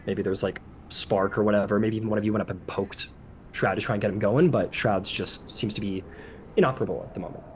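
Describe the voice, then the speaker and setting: A man running a tabletop game as game master, narrating loosely with many fillers and breaking into shouted character lines. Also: lowish voice, fast, a little hiss or hum. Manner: loose, filler-heavy narration with sudden shouted NPC outbursts.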